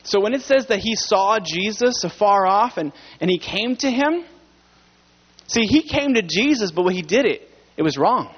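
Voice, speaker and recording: A man with a strikingly high voice preaches in an earnest, conversational way to his church. The recording sounds somewhat dull. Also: lively intonation, normal speed. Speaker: pastor. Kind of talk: sermon.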